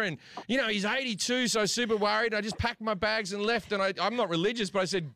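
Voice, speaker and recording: An Australian man hosting a podcast, telling a story in a lively, laughing way with a lot of restarts. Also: sits high, brisk, few pauses, slight background noise. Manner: animated, laughing, repeats words. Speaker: podcast host. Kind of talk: casual storytelling.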